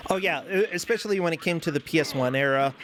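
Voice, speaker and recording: A man's voice: on the high side, fast talker, a bit bright, a little hiss or hum. A man commentating a live video game race in a casual, chatty, joking way. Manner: chatty, laughs easily, joking.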